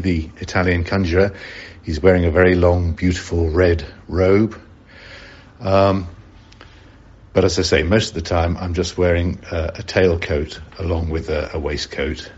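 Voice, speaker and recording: A man's voice: low-pitched, husky, highs cut off. A man introducing the stage character he plays, talking easily with frequent ums. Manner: easygoing, with frequent ums and uhs. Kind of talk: audio introduction to a play.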